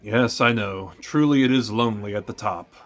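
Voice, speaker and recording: A man's voice: on the low side, moderate pace, fairly bright tone. A young man hosting a let's play, joking and trash-talking over the gameplay. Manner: jokey, trash-talking, puts on silly voices.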